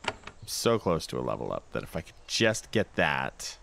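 A man's voice: very deep voice, very animated, normal speed, creaky, noisy background. A man giving casual gameplay commentary, chatting to himself and reading game text aloud. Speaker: let's play host.

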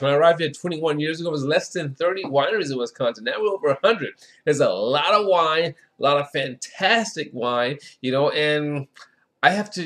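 A man's voice: on the high side, a bit bright. A man hosting a casual wine tasting review, chatty and enthusiastic, with lots of filler phrases.

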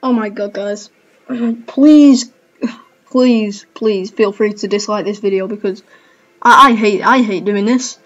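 A woman's voice: mid-range voice, steady tone, normal speed, a bit bright, lo-fi sound. A woman giving casual reaction commentary as a gaming YouTuber, who keeps exclaiming, cringing and laughing at herself.

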